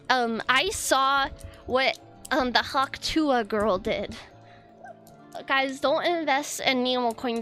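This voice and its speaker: A woman's voice: high voice, a bit bright. A young woman streamer chatting casually, flustered and rambling, swearing often. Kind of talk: casual live-stream chat.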